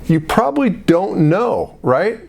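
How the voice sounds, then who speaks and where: A man's voice: high voice, very animated, slow, vocal fry, a little mellow. A middle-aged man hosting a business advice video, talking casually straight to the viewer and asking them questions. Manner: conversational, asks the viewer questions, fillers like "you know". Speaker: host of a business advice channel. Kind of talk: casual direct-to-camera explainer.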